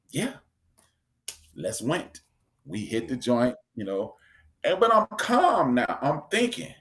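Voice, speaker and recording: A man, co-hosting a casual talk show and telling an animated story. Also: medium pitch. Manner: storytelling, animated, acts out quotes. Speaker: podcast co-host. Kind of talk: casual chat.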